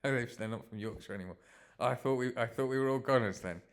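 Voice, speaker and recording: A man's voice: medium pitch, fast talker, voice pushed up, close to an everyday voice. A man voicing an eager young female starship reporter who talks in a chatty, slightly nervous way.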